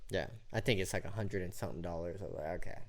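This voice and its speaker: A man co-hosting a casual podcast, telling stories in an animated way, swearing freely and acting out what people said. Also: deep voice, racing. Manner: animated storyteller, swears freely, acts out quotes. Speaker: podcast co-host. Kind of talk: casual sports and gaming chat.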